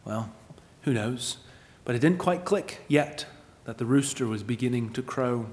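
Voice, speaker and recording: A man preaching a sermon, asking rhetorical questions and moving between emphatic lines and hushed ones. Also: mid-range voice, animated, unhurried, big-room sound. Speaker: pastor.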